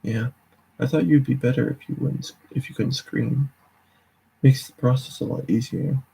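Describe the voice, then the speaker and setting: A man voicing a rotting zombie with a dry, coarse croak and deadpan sarcasm. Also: medium pitch, moderate pace, full character voice, poor audio. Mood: deadpan sarcastic.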